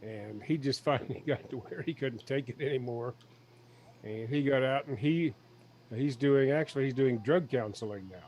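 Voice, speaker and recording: A man chatting casually on a live stream in a calm, measured way. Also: medium pitch. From United States. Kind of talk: casual chat.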